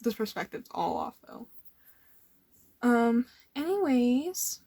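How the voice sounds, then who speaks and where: A woman's voice: fairly high pitch, big pitch swings, slow pace, gravelly, dark tone, slightly rough. A young woman casually rambling as she flips through her old sketchbooks, nervous and full of fillers. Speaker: artist showing old sketchbooks.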